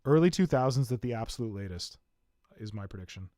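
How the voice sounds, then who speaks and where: A man in his own easygoing voice hosts a casual podcast chat, rambling and poking fun at himself. His pitch sits in the middle, and the recording is dry and close, with no room sound. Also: lively intonation, brisk, mellow, dry recording. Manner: chatty, self-mocking storyteller. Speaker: podcast host.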